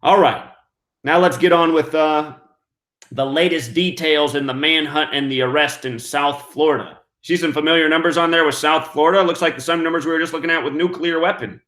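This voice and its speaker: There's roomy echo on this emphatic monologue from a man hosting an online show, who tallies numbers aloud and asks rhetorical questions. His fairly bright voice is on the high side, a little fast, with fairly even intonation.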